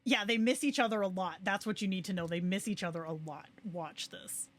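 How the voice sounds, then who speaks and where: A young adult woman hosting a casual livestream, chatting excitedly and reacting to viewers with quick asides. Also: medium pitch. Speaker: livestream host.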